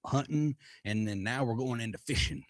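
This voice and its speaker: A man's voice: medium pitch, normal speed, dry recording. A man with a Texan accent co-hosting a casual podcast, teasing in a dry, easygoing way. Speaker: podcast co-host. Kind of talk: casual live podcast chat.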